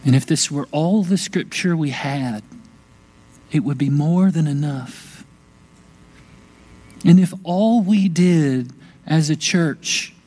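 A man preaching a sermon as pastor, slow, gentle and reflective, with long pauses. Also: a little high, poor audio.

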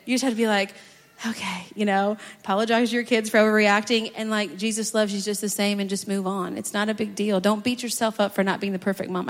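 A middle-aged woman speaking as a church guest, sharing her parenting stories in a chatty, animated way. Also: medium pitch. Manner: chatty, animated, acts out her own outbursts. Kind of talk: personal testimony on a church stage. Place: church sanctuary. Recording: long hall reverb.

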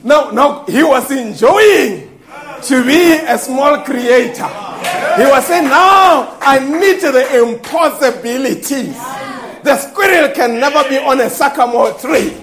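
A man preaching a fervent sermon, breaking into shouts and laughing exclamations as he calls for responses. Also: very high-pitched, expressive, slow pace.

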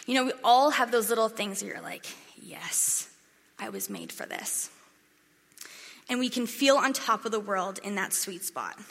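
A woman's voice: on the high side, a little fast, hardly any pauses, fairly bright tone. A young woman giving a casual, chatty sermon, acting out crowd voices as she tells the story. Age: young adult. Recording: echoey hall reverb.

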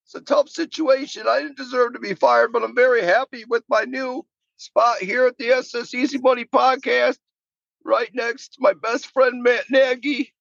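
A man putting on a high, earnest voice to do an impression of a fired football coach. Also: fairly even intonation, moderate pace, creaky, fairly bright tone, no room sound, dull audio, exaggerated voice.

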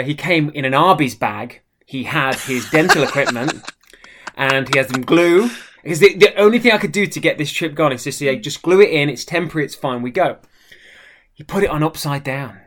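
A person telling a story in a casual chat, in an animated way. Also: medium pitch, slight background noise.

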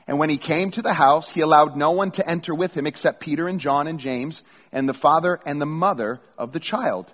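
This middle-aged pastor talks a little fast in a fairly high, slightly bright voice, reading scripture and telling conversational stories while repeatedly restarting phrases. The sermon is recorded with long hall reverb.

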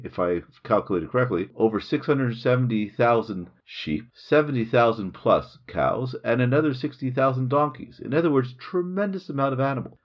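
A middle-aged man hosting a podcast, explaining a Bible chapter in a lively storytelling manner. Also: on the low side, husky, highs cut off. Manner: lively explanatory storytelling, reads Hebrew aloud. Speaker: podcast host. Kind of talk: Bible study podcast lecture. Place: home recording room in the hills.

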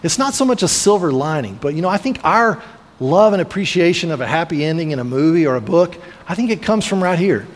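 A man's voice: a little high, expressive, brisk. Storytelling male preacher in a reverberant hall. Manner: storytelling, acts out voices of biblical figures. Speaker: pastor. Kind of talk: sermon. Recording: long reverb of a large hall.

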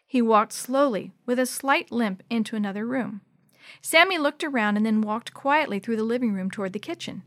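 Brief: woman narrator, children's storybook, expressive delivery, fairly high voice, dry close sound. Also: brisk, no echo. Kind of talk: scripted narration of a children's book.

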